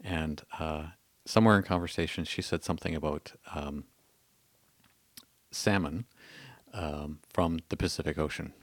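A man's voice: a bass voice, measured pace, dry recording. A Canadian man in his thirties, a podcast guest telling a story in a hesitant, self-mocking way. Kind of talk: casual storytelling.

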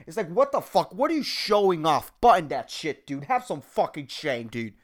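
Man, 30s, solo podcast rant: profane and rambling, and his pitch swings all over the place. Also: sing-song, moderate pace. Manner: rambling, profane, says "dude" and "man" constantly; jumps between topics, self-mocking. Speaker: podcast host.

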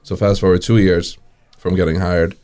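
Low-voiced New man telling a story. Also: normal speed, smooth, faint music behind. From New York area. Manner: lively storyteller, chuckles often, many fillers. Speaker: guest. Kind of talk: casual storytelling.

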